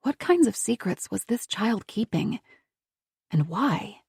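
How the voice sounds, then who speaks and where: A woman narrating a thriller audiobook in a measured, even storytelling manner. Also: medium pitch, vocal fry, breathy edge, dry recording, clean studio sound.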